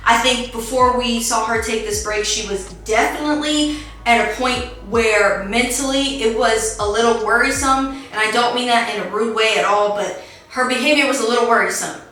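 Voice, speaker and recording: A woman's voice: on the high side, normal speed, a bit bright, far from the mic. A woman hosting a podcast, giving sassy, jokey commentary with playful asides. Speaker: podcast host. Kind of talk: casual commentary. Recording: echoey room, faint music, off-mic.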